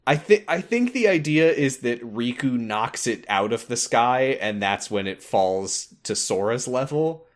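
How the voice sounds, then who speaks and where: A man's voice: mid-range voice, animated, measured pace, few pauses. A man hosting a podcast, recapping a video game in casual chat, rambling with many fillers and frequent laughs. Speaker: podcast host.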